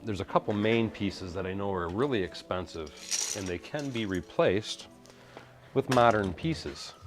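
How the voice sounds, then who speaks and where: A man hosting a live stream, chatting casually and greeting viewers while he sorts bricks, with his mic set a little away from his face. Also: low voice. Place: home hobby room. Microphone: mic kept a little away from the face.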